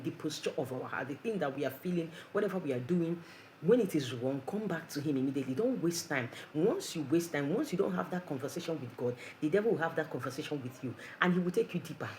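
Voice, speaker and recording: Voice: mid-range voice, slight background noise, rough recording. An earnest preacher gives a conversational devotional talk full of rhetorical questions.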